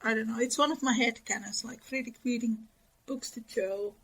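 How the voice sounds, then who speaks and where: Gravelly woman chatting about books. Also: fairly high pitch, steady tone, moderate pace, fairly bright tone, low-quality recording. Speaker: guest discussing books. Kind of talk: casual chat.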